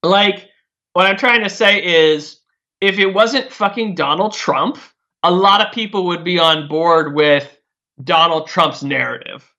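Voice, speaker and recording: Man, higher voice, bright tone, casual political chat, rambling with many fillers and restarts. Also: a little slow, muffled recording.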